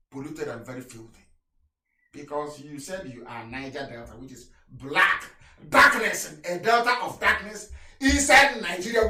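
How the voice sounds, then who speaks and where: Man, live broadcast address, emphatic, repeats himself, bright forceful voice, roomy echo, set back from the mic. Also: on the high side, far from the mic. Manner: emphatic, repeats phrases, chuckling asides.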